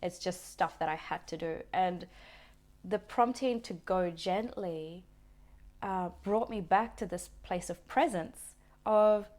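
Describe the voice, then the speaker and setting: A woman vlogger telling a personal story in a gentle, reflective way, often restarting her sentences. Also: on the low side, takes it slowly. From Australia. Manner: reflective, gentle, with frequent restarts and soft laughs. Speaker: wellness vlogger.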